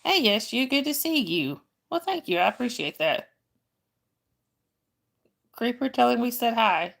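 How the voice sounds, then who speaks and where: Her voice is fairly high and a bit bright, sing-song and unhurried, with vocal fry. This Southern-accented livestream host from North Georgia chats casually, laughing a lot and greeting viewers by name.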